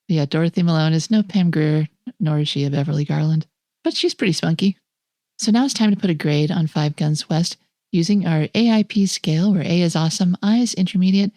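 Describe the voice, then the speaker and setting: On a film podcast, a female co-host reviews movies in casual chat, her voice on the low side and dark in tone as she talks fairly quickly. Eager and opinionated, she laughs a lot, and the studio-quality audio carries no room sound.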